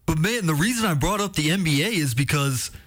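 A man co-hosting a sports radio show, talking in a relaxed, conversational way. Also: on the high side, a little fast. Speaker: radio co-host. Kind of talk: casual sports talk.

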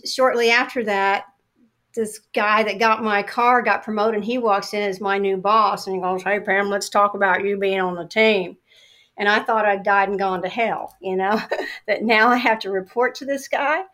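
Speaking energetically, a middle-aged woman being interviewed tells a tale from her career and plays out the replies she once gave. She keeps a steady, fairly bright tone at a moderate pace and an ordinary mid-range pitch.

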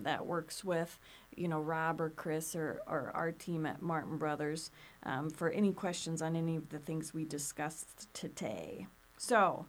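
A woman hosting a business podcast, chatting casually and wrapping up with a friendly sign-off. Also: on the low side. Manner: friendly, upbeat sign-off with fillers. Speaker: podcast host.

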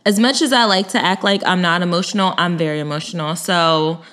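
A woman's voice: fairly low pitch, a little fast, a bit bright. A woman co-hosting a podcast in casual chat, chatty as she recaps an episode. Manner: chatty, recaps a show and acts out quotes. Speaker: podcast co-host.

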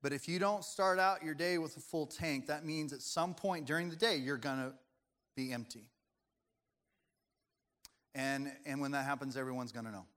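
A mid-range, fairly bright male voice leads a playful sermon in a church sanctuary. The pastor engages the congregation by quizzing them, and the recording carries a long hall reverb.

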